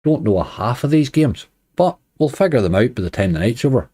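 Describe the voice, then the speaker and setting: A man's voice: mid-range voice, very animated, fairly quick, mellow. A man hosting a late-night slots live stream, chatting casually, greeting viewers and laughing often. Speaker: slot streamer.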